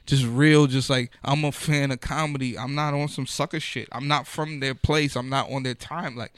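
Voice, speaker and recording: Profane, slangy comedian telling stories. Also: male voice, medium pitch, steady tone, moderate pace, a bit bright, no room sound. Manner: loose, profane, street slang. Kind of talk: casual podcast storytelling.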